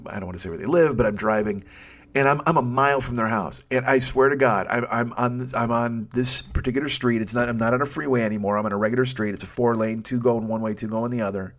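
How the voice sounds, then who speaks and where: A man's voice: medium pitch, fast talker, fairly bright tone. A man in his forties, a comedian hosting a podcast, telling a rambling story with constant swearing and exasperation. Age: 40s. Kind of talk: profane storytelling monologue.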